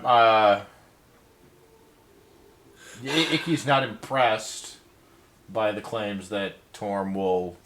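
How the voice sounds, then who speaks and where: A player in a tabletop game, speaking slowly with a lowish voice, hesitant and halting as he thinks. Clear noise sits behind him. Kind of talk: casual tabletop play.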